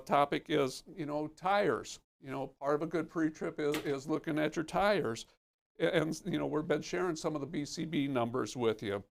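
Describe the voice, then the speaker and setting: A man's voice: on the high side, vocal fry. A man hosting a company live stream's safety segment, talking in a folksy, plain-spoken, upbeat way.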